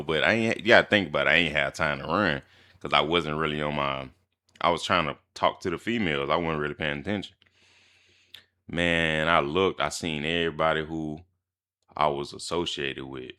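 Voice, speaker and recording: A young man from Mississippi, telling a personal story in casual, slangy, animated vlog style. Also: extremely low pitch.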